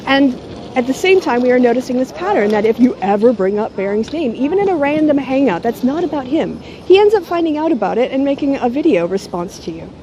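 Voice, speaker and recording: A woman's voice: high-pitched, sing-song, fairly quick, mellow, a little hiss or hum. A middle-aged woman talking casually and sardonically to a handheld camera she holds at arm's length. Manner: sardonic, mocking. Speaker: YouTuber. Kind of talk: casual talking-head vlog.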